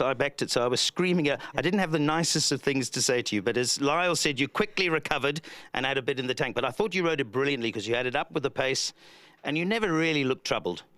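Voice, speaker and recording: A man's voice: mid-range voice, no room sound. A man with a South African accent presenting racing and interviewing a jockey in a chatty way. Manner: chatty, warmly congratulating. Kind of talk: post-race interview.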